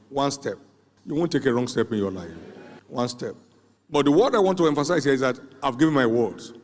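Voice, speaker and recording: An older man preaching a sermon, emphatic, repeating phrases for weight with dramatic pauses. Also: medium pitch, a little mellow. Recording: long hall reverb.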